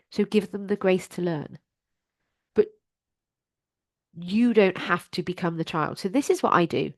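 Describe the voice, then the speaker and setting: A woman's voice: medium pitch, no echo. A middle-aged woman hosting a solo advice podcast as a life coach, talking in an earnest, encouraging and direct way.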